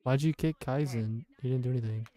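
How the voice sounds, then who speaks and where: A man's voice: medium pitch, fairly quick, mellow. A man teasing and arguing with strangers while live-streaming a social VR game. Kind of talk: casual live-stream banter.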